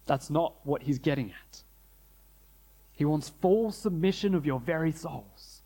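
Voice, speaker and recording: Earnest male preacher, higher voice. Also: dark tone. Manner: earnest preaching, slowing and dropping low for emphasis. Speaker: pastor. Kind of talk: sermon.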